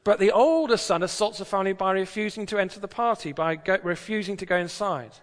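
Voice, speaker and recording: A British man preaches a sermon in a church, speaking fast in a fairly high voice with a big-room sound. His style is conversational and emphatic, peppered with rhetorical questions.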